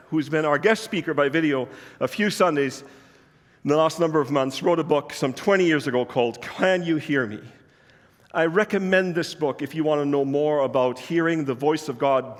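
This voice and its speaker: A man with a high voice preaches in a church sanctuary, telling a personal story in an easy, earnest way. His voice trails off into a long hall reverb. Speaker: pastor. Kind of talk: sermon.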